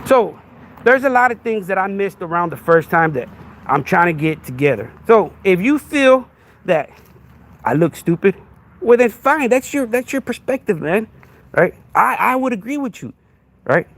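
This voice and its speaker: A man's voice: high voice, very animated, moderate pace, a bit bright. A man, hosting a podcast livestream with a crude, confrontational rant that keeps asking "right?". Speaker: podcast host.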